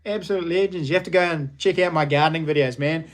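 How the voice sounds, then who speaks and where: New Zealand man, 30s, stream host, cheerful and chatty, slightly high voice. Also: fast. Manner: upbeat and chatty, calls viewers legends. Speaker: livestream host. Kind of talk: casual livestream chat. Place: small lounge nook at home.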